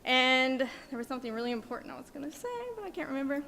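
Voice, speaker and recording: A woman teacher speaks at a conference. Her voice is bright and tense and fairly high, and she sounds nervous and near tears. A long hall reverb and faint noise sit behind her. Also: fast. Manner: emotional, tearful, laughing nervously. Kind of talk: emotional conference speech.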